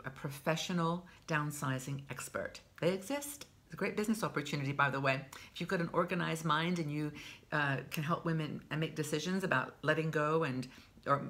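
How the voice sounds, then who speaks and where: A woman's voice: low-pitched, fast talker, a bit bright. A woman in her sixties giving casual, heartfelt advice to camera as a vlog host, chatty and open. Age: 60s. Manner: chatty and heartfelt, with frequent restarts.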